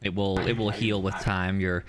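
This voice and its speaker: A man acting as game master, describing the scene in a relaxed way and laughing easily. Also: low voice, normal speed, background noise. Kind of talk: narrating a tabletop game.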